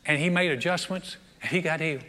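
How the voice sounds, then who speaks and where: High, bright, animated preacher man. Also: fast talker. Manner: animated storytelling, humorous asides. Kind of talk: sermon. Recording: long reverb of a big hall.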